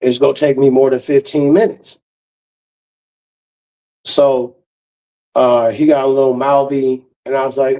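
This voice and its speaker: A man telling a profane, animated story and acting out the other people's voices. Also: mid-range voice, a little slow, long pauses, poor audio. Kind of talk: casual storytelling monologue.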